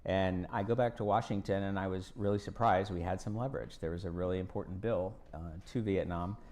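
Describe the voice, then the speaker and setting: On stage in a university event hall, an American former congressman appears as a guest speaker, offering students advice through folksy anecdotal stories with acted-out quotes. He speaks briskly in a low voice with a steady tone and a darkish quality.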